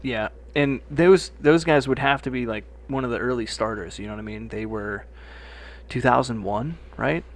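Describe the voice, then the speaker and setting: A young man with a medium-pitched voice speaks at a normal speed while co-hosting a podcast. His chat is loose and profane, full of stories and frequent laughter.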